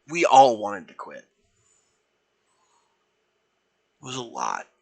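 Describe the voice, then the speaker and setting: A man voicing a kind, perceptive male ice cream genie in his own plain voice, speaking softly and caringly. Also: on the low side, huge pitch swings, normal speed, creaky, full character voice. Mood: sympathetic. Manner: gentle, soft-spoken and caring.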